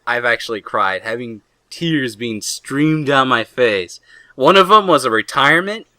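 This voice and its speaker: Bright-voiced young guy ranting. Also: medium pitch, a little slow, no echo. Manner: excitable, rambling, swears a lot. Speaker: podcast co-host. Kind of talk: casual chat.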